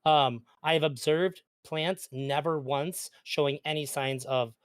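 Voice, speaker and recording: Earnest man arguing, somewhat high voice. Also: fairly even intonation, measured pace, smooth. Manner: earnest, argumentative, stumbles on restarts. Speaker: interview guest. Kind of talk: casual debate.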